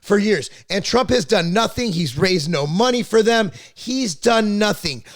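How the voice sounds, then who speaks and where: Speaking at a measured pace, the man's high, expressive voice comes through studio-quality audio with no room sound. He hosts a podcast and goes on at length about politics in a casual, opinionated way, blunt and profane at times, often restarting and repeating himself.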